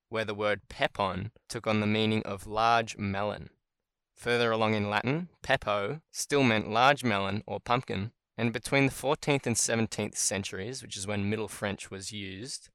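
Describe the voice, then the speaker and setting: A man's voice: lowish voice, a bit bright, smooth, dry recording. A man hosting a solo podcast about word origins, chatting casually and thinking aloud as he goes. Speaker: podcast host.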